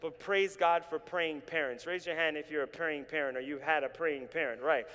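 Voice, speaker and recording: Man preaching a sermon, slightly high-pitched, animated and engaging the crowd, recorded in a reverberant church. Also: normal speed. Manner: animated storytelling, calls on the congregation to respond. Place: church sanctuary.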